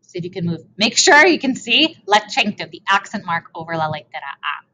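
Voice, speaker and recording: A woman's voice: lowish voice, big pitch swings, brisk, pushed and bright, rough recording. A woman teaching a language lesson over slides. She mixes Italian and English, repeats and translates each form, and adds playful asides.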